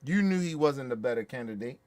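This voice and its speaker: A man's voice: mid-range voice, lively intonation, a little fast, darkish tone, dry recording. A man hosting a show, ranting about politics in a heated, profane way with angry bursts. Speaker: show host.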